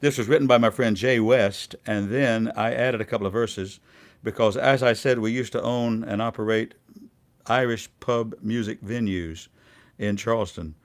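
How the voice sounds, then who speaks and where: An older man, a singer-songwriter, chatting casually and rambling quietly between songs on his music show. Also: on the low side, moderate pace. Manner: relaxed, rambling, quiet spoken asides. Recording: guitar music under the voice. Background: acoustic guitar playing.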